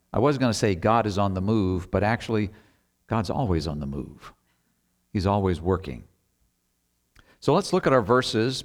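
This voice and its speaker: A middle-aged man delivers a sermon in a fairly low voice. He reads scripture slowly and deliberately, then talks it through in an earnest, conversational way, with rhetorical asides to his listeners. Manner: slow, deliberate scripture reading. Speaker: preacher.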